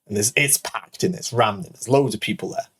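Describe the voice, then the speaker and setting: A man's voice: lowish voice, a little fast, a bit bright, breathy edge. A man in his thirties, a show host, telling a rambling personal anecdote full of "like" and "right?". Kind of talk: casual storytelling.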